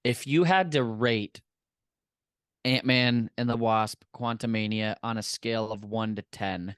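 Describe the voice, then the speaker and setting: A man's voice: fairly low pitch, a little slow, fairly bright tone, smooth, no room sound, clean studio sound. A man co-hosting a podcast in casual chat, enthusiastic and rambling. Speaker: podcast co-host.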